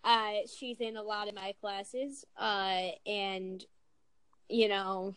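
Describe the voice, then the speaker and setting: A young woman in casual chat among friends, rambling in an animated way with many fillers. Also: medium pitch, takes it slowly, very noisy.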